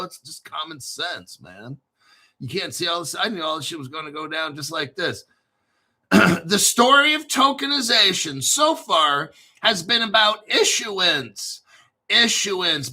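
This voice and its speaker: A man's voice: high voice, pushed and bright, slightly rough. A man hosting casual crypto commentary, swearing freely and bantering back and forth with himself.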